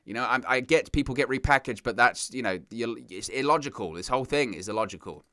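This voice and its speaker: A man's voice: medium pitch, quick pace, dry recording, studio quality. A man hosting a wrestling news show, giving casual, exasperated and opinionated commentary. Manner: exasperated, ranting, animated.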